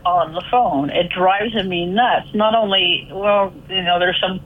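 A woman's voice: fairly low pitch, a little slow. A woman calling in to a radio show, chatting in a rambling, storytelling way. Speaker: caller. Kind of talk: casual phone chat. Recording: tinny phone line.

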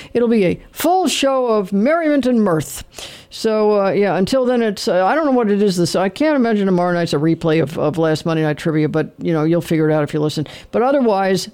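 High, gravelly-voiced radio host. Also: male voice, darkish tone. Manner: rambling, folksy and jokey. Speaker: radio call-in trivia show host. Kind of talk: casual radio sign-off chat. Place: radio studio. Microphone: studio microphone.

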